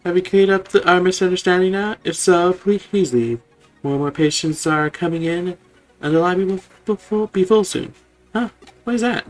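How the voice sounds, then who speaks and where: A man voicing a kind male healer Digimon, reading game dialogue aloud in a polite, hurried way. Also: high voice, pitched above the performer's own voice.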